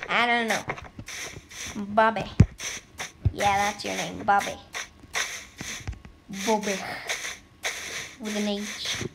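A woman's voice: medium pitch, fairly even intonation, slow pace, creaky, pauses often. A woman giving casual, playful commentary on her own gameplay and chatting to the animals in the game. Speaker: gameplay video creator. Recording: loud background noise.

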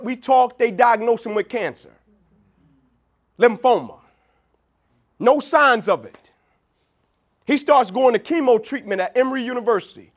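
A man giving a motivational keynote speech, telling stories and acting out what people said. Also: very high-pitched. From Atlanta, USA. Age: young adult. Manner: storytelling, animated, quoting people in dialogue. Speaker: keynote speaker. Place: large event venue.

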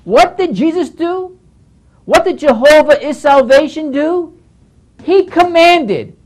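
A man's voice: extremely high pitch, unhurried. A male pastor giving a Bible teaching lecture, emphatic and scolding, who often repeats phrases as he works through the text.

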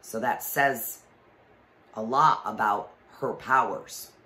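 A man reading a children's storybook aloud with expression, pausing to explain the story to listeners. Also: mid-range voice, pushed and bright. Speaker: reader.

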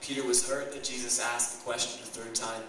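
Brisk and level in a mid-range voice, the young adult pastor from Canada delivers his sermon in a conversational, enthusiastic way. The distant mic catches the church hall's echo and a noisy background.

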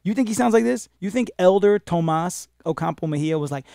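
Fairly high-pitched and creaky, the man speaks at a quick pace with few pauses, recorded dry with clean studio sound. He hosts a comedy podcast where he reads bizarre news stories and riffs on them, cursing heavily. When quoting people he slips into put-on voices, keeping things animated.

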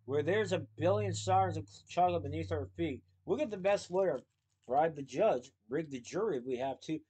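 Picture a scheming chocolate cartel boss, greedy and boastful, with a faint menace in how he talks down to people, as a man reading a storybook puts him on. His voice sits a bit high for a man. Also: brisk, dark tone, husky.

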